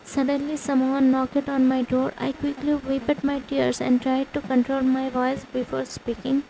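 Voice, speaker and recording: A woman narrating a fan fiction story in the first person, in a slow, subdued way. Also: high-pitched, monotone, creaky, warm tone, slight background noise, poor audio.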